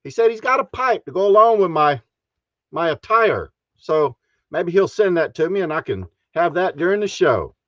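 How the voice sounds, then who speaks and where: A man's voice: fairly high pitch, very animated, moderate pace, fairly bright tone, no room sound, dull audio. A man hosting a casual live stream from his RV, folksy and chuckling often as he greets viewers. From Texas.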